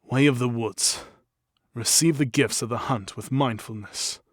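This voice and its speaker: A man's voice: mid-range voice, a little slow, husky, no room sound. A man reading aloud and voicing a hardened male elf hunter who speaks in a dry, teasing way. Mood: wry.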